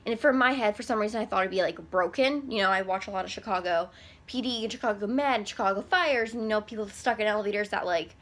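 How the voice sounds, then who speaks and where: A woman's voice: medium pitch, quick pace, fairly bright tone. A young adult woman vlogger telling a storytime in a chatty, rambling way, full of "like" fillers. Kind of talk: casual storytime.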